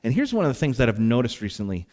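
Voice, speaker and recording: Guy preaching at church, mid-pitch voice, tells stories big and expressive, sighs for effect. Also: racing. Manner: animated storyteller, acts out exasperated sighs and asides. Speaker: pastor. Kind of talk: sermon with personal storytelling.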